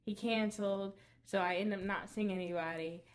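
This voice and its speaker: A woman with a mid-pitched voice in a casual conversation. She is blunt and teasing and keeps stopping her friend to pin down exactly what happened. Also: steady tone, normal speed. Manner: teasing, interrupts to get details straight. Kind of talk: casual chat.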